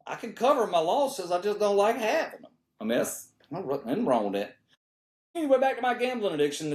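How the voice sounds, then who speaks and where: Animated comedian, roomy sound. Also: male voice. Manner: animated, swings between high outbursts and low mutters. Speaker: comedian host. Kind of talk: comedic monologue. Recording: roomy echo.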